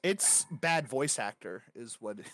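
A man co-hosting a casual gaming podcast, animated and rambling, swearing freely with lots of fillers. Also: mid-range voice, measured pace, no room sound. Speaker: podcast co-host.

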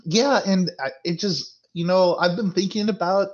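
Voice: medium pitch, normal speed, darkish tone, muffled recording. A player in a tabletop role-playing game, hesitant and stammering, chuckling between answers.

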